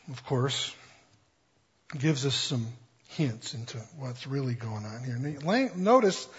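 A man's voice: medium pitch, husky, dull audio. A man preaching a sermon in a conversational, playful way, acting out quotes with jokes. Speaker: pastor.

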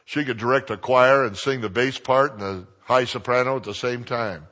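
An older man, a pastor, preaching a sermon through lively stories, with a naturally loud voice that drops to a hush and swells to a boom. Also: moderate pace. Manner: lively anecdotal preaching, swinging from hushed to booming. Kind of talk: sermon storytelling.

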